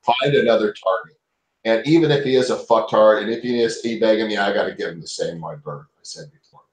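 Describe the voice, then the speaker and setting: A man arguing heatedly and profanely, shouting others down. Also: fairly low pitch, fairly quick. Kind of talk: heated argument. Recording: echoey room.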